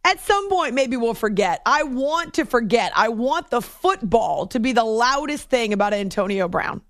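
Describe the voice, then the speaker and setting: A woman's voice: fairly high pitch, expressive, moderate pace, no echo, clean studio sound. A woman hosting a sports radio show, talking in a wry, chatty way and laughing often. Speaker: radio host. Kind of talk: sports radio talk and chat.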